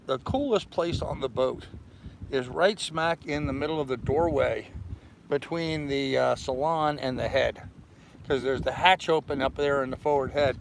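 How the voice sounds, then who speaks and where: Aboard his sailboat, an older man who vlogs does a live stream, chatting casually, rambling, and greeting viewers by name. His mid-range voice is creaky, and the low-quality recording carries loud wind noise on the mic plus wind and boat ambience.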